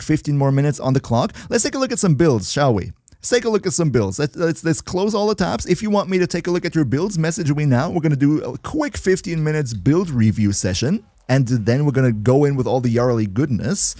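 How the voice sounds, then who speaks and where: A man's voice: fairly high pitch, darkish tone, dry recording. Chatty male game streamer, dry sound. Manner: chatty, laughs often, greets and answers chat. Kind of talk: casual livestream gameplay commentary.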